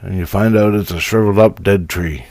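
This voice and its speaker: A man's voice: fairly low pitch, brisk, darkish tone, no room sound. A man talking in a casual spiritual vlog monologue, ranting profanely and in frustration.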